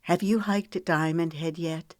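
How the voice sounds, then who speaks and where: A woman's voice: fairly low pitch, steady tone, measured pace, no echo, studio quality, natural voice. A woman voicing a sultry flirty model. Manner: breezy, purring.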